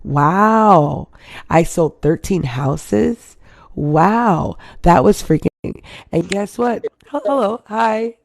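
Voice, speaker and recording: A woman's voice: medium pitch, very slow, gravelly, no room sound, studio quality. A woman in her thirties from Hawaii, hosting a casual live stream and rambling to her viewers. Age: 30s. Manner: rambling, chatty, keeps addressing viewers.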